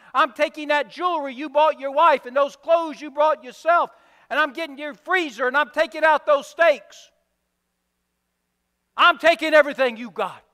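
A man voicing a stern, demanding king who rattles off threats in rapid bursts, with long hall reverb. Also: very high-pitched, pushed and bright, voice pushed up. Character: stern demanding wealthy king, male, adult.

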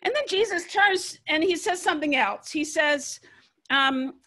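A woman preaches with a notably high voice, keeping the sermon conversational and lively. She muses aloud as if talking the passage through with her listeners. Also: unhurried. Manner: conversational and animated, musing aloud. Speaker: pastor.

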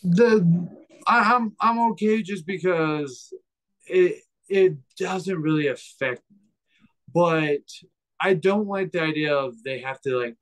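A man who is a fighter, a guest on a casual podcast, who talks slowly and searches for his words. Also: a little high, a bit bright, low-quality recording.

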